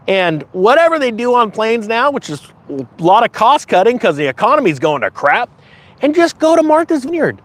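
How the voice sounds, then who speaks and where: Sarcastic male commentary host, high and animated, slips into mocking voices. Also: moderate pace, no room sound.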